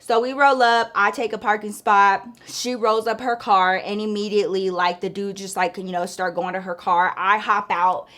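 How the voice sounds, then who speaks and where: A woman's voice: mid-range voice, steady tone, moderate pace, few pauses, a bit bright. A woman vlogger telling a story in casual chat, swearing freely and packing her talk with fillers. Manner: profane, chatty, full of filler "like".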